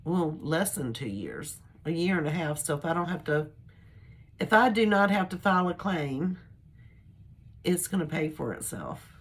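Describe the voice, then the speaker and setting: A woman's voice: sits low, lively intonation, moderate pace, breathy edge. An older woman chatting casually to her camera, rambling in a chatty, homespun way. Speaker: vlogger. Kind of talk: casual personal chat to camera.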